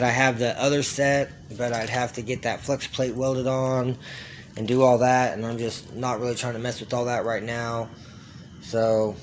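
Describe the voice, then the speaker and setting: A man's voice: medium pitch, a little hiss or hum. A young man talking casually to camera about his car build, loose and rambling, with lots of fillers and restarts.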